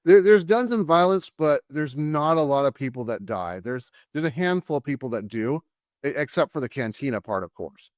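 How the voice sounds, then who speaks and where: A man's voice: mid-range voice, animated, moderate pace, no echo, clean studio sound. A man at home co-hosting a casual movie-review show, easygoing and repeating words as he thinks aloud. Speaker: podcast co-host.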